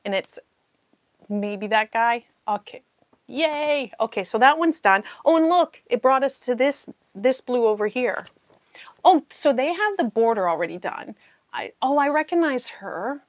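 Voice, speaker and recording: A woman's voice: high voice, sing-song, a little slow, no room sound. A woman hosting a casual live-stream puzzle chat, talking to herself as she searches and laughing often. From New Zealand. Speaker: puzzle channel host.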